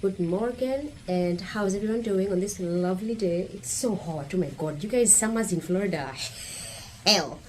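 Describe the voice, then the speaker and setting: A woman's voice: mid-range voice, moderate pace, slight background noise, low-quality recording. A woman from Kenya with a Kenyan accent, giving blunt, provocative vlog commentary straight to her viewers. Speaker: vlogger. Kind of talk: opinionated casual vlog commentary.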